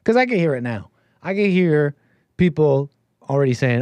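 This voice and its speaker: A man hosting a talk show, giving sarcastic, mocking commentary on a clip with animated asides. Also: fairly high pitch, normal speed, clear, resonant tone, no echo. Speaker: show host.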